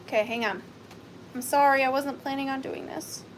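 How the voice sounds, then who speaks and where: A woman's voice: sits high, steady tone, normal speed, a little hiss or hum. A woman hosting a live online vintage sale, chatting casually and rambling with playful wordplay. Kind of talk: casual live-stream chat.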